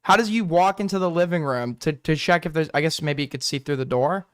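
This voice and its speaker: A man's voice: fairly high pitch, a little fast, fairly bright tone, clear, resonant tone, dry recording, clean studio sound. A young man hosting a reaction commentary, incredulous and mocking, swearing freely and laughing at what he watches. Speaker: commentary host.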